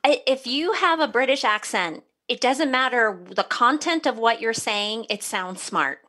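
A woman's voice: fairly high pitch, animated, unhurried, sharp tone. A woman co-hosting a podcast, chatty and bubbly, laughing easily. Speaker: podcast co-host. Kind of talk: casual chat.

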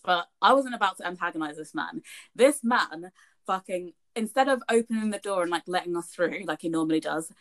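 A woman's voice: on the low side, brisk. A young woman, telling a story in casual podcast chat, swearing freely. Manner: chatty, frequent swearing, animated retelling. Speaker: podcast co-host.

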